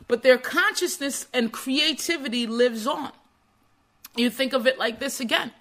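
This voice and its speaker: Woman doing a pep-talk vlog, bright slightly high voice, animated, acts out little voices. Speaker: motivational speaker. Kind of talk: motivational monologue.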